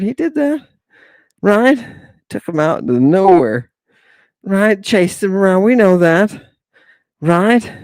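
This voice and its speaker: This man lectures his livestream audience theatrically, exclaiming, sighing often, dropping asides and calling them "people." He speaks at a fairly high pitch with a slightly mellow quality, and there is no room sound.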